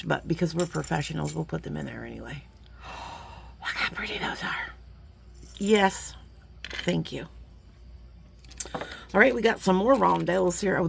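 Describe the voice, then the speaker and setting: A woman, chatting warmly to viewers as she gushes over beads in a casual unboxing vlog. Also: deep voice, gravelly, slight background noise. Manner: chatty and gushing, talks to viewers as friends; sometimes drops to a playful whisper. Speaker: jewelry-making vlogger.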